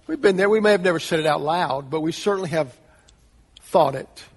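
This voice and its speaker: Pastor, male, high voice; earnest sermon delivery full of rhetorical questions, recorded in a reverberant church hall. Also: fairly quick. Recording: long reverb of a large hall.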